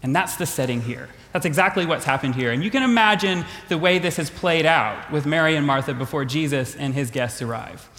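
A male pastor preaching a sermon, retelling a story with animated, repetitive phrasing. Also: fairly high pitch, fairly quick, hardly any pauses. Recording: long hall reverb.

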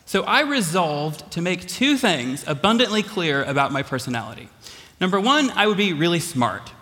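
A man preaching a storytelling sermon in a high, bright voice that swoops up and down. He pokes fun at himself and often laughs through his lines. A long reverb trails after him in the big hall. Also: normal speed. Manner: animated, self-deprecating, laughs often. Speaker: college president giving a talk.

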